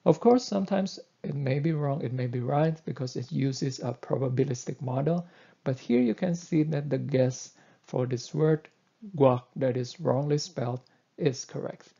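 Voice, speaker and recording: Male lecturer, slow deliberate coding tutorial, gravelly husky voice, dull lo-fi mic. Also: mid-range voice, mellow. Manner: slow, deliberate explaining with fillers. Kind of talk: screen-recorded coding tutorial.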